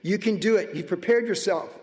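A passionate man preaching from the pulpit, his voice pitched high and swinging between fervent bursts and hushed, tender asides. The sermon carries a long, ringing church reverb. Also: brisk. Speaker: pastor. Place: church sanctuary.

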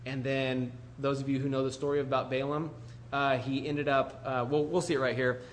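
A man preaching a conversational sermon in an animated, chatty way, full of asides to the congregation. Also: medium pitch, normal speed, slight background noise.

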